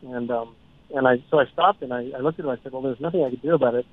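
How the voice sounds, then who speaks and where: A man who writes children's books, telling a story from a school visit in a relaxed way, with many fillers. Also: mid-range voice, quick pace, no room sound. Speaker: children's author. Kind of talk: storytelling in a radio interview. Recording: dry tinny phone line.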